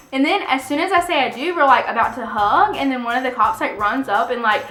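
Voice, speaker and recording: A young woman tells a story to her vlog camera, chatty and animated, often breaking into laughter. Her voice is bright and a little high. The room is echoey, with faint music under it. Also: moderate pace. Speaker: vlogger. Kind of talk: casual storytime.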